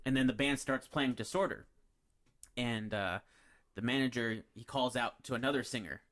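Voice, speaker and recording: A man's voice: medium pitch, normal speed, a bit bright. A man hosting a podcast, chatting casually and rambling through a story with lots of fillers and restarts. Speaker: podcast host. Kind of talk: casual chat.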